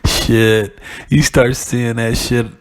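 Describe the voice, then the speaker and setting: A man's voice: medium pitch, steady tone, slow. A man hosting a podcast, rambling casually with profanity and laughing asides. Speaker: podcast host. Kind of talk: casual monologue.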